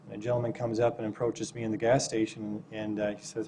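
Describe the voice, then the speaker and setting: A man's voice: on the low side, little pitch movement, quick pace, background noise. A man from city human services giving anecdotal remarks at a public meeting, telling stories in a self-deprecating way and often checking in with "right?".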